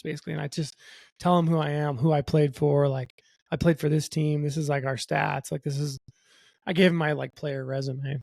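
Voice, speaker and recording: Young guy on a podcast, gravelly voice, swears a lot, tells it like a story. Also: a little high, moderate pace, no echo. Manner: profane, animated, quotes others in his own voice. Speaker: guest. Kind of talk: casual storytelling.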